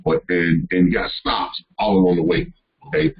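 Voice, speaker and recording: A man's voice: sits low, normal speed, vocal fry, breathy edge, highs cut off. A man hosting a live question-and-answer call, giving casual advice in a rambling way with many fillers and restarts. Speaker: host answering caller questions.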